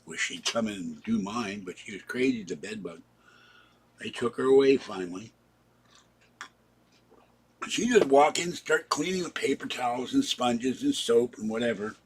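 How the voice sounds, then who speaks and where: A man's voice: mid-range voice, moderate pace, pauses often, slightly rough. A man telling a long, rambling personal story in a casual vlog, recounting events in the present tense. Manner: breaks off to talk softly to his cats. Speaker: vlogger.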